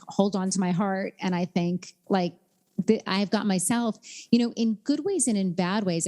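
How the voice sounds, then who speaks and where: A woman in her fifties from New York, a guest author talking earnestly and candidly in an interview, often in quick bursts with many "like" fillers. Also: on the low side, warm tone. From New York, USA. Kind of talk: reflective interview conversation.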